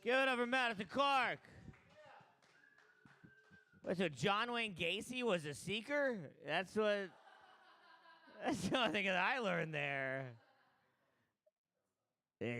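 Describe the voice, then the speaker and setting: A man's voice: high-pitched, sharp tone. A man hosting a comedy show on a club stage, joking offhandedly between acts and bringing up the next comic.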